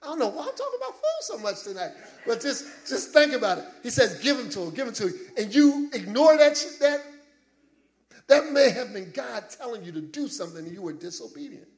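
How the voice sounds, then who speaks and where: A man preaching a sermon to a congregation, animated and conversational, laughing at his own asides and calling for amens. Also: very high voice, fairly quick.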